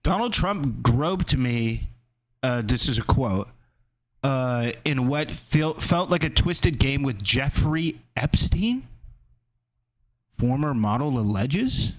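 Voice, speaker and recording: A man's voice: medium pitch, big pitch swings, takes it slowly. A male streamer in casual chat, riffing loosely and reading his chat aloud.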